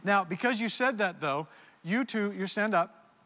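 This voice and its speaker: A man's voice: high voice, animated, moderate pace, pushed and bright. A man preaching a sermon, animatedly directing volunteers on stage. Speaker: pastor. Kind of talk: sermon with audience participation skit. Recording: long hall reverb.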